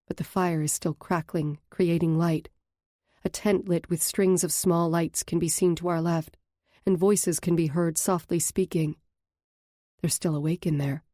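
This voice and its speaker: A woman narrating a first-person audiobook in a lowish, mellow voice. Her delivery is steady and earnest, recorded close on a studio mic with a dry, dead sound. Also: dry recording.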